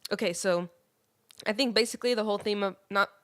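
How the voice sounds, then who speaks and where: A woman's voice: mid-range voice, fast, no echo, studio quality. A woman co-hosting a podcast in easygoing, casual chat. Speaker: podcast co-host.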